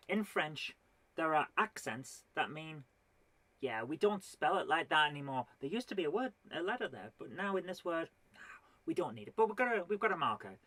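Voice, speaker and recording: A woman's voice: deep voice, a bit bright, no room sound. A woman performing a stand-up comedy routine, full of exasperated rhetorical questions and mock indignation.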